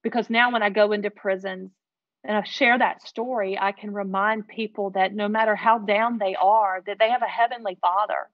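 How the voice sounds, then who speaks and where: A woman telling a heartfelt personal story as an interview guest, earnest and animated. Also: medium pitch, normal speed, no room sound, dull audio.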